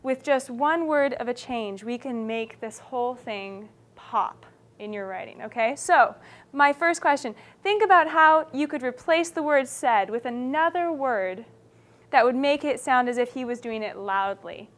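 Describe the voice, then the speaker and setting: A woman's voice: fairly high pitch, measured pace. A woman teaching a writing lesson to a class, explaining, asking students for ideas and often checking that they understand.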